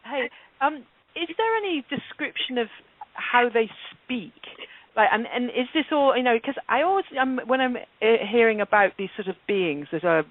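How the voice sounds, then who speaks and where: A man's voice: very high voice, lively intonation, normal speed, no echo. A man hosting a call-in radio show asks curious, rambling questions full of fillers. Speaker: radio host. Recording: tinny phone-line audio, dry.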